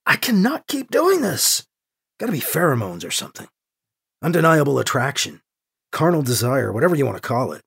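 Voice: mid-range voice, big pitch swings, fairly quick, vocal fry, slightly rough, full character voice. Narrator as a weary, wry young priest. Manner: wry, muttering, self-deprecating. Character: weary, self-reproaching male priest.

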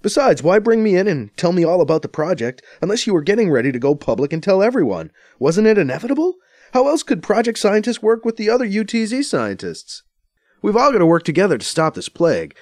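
A man's voice: high-pitched, big pitch swings, quick pace, a little mellow, dry recording, clean studio sound, voice pushed up. A man as an earnest, fumbling new boss. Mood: insistent. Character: reluctant man newly put in charge.

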